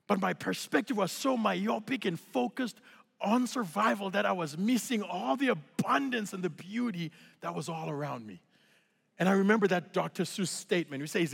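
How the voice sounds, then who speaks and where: Male pastor, from Africa, storytelling sermon, husky voice, lively rising and falling pitch, long hall reverb. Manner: animated, mimics others' voices, laughs often. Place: large church hall.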